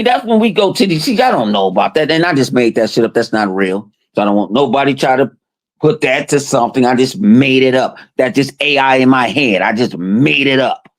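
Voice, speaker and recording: Animated, swearing podcast man. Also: mid-range voice. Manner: animated, profane storytelling with quoted voices. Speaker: podcast host. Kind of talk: casual chat.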